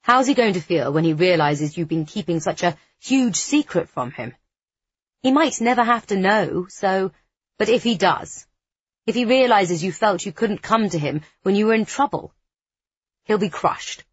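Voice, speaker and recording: A woman voicing a calm, frank young man who keeps pressing his point in reasonable tones, read as an audiobook character. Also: mid-range voice, moderate pace, husky, dry recording. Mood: steady, persuasive. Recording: dull, dry studio recording.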